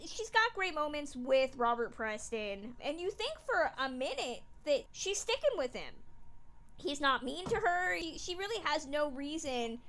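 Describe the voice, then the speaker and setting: A high, bright woman's voice rises and falls with lively emphasis as she co-hosts a casual podcast chat about a classic film. She talks in an animated, emphatic way and often laughs as she goes. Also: measured pace. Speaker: podcast co-host.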